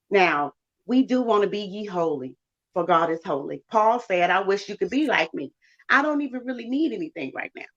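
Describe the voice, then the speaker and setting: A woman talking about faith and relationships in a preachy, emphatic way, with big swings in pitch. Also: a bit bright, lo-fi sound. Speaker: guest speaker. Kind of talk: casual preachy chat.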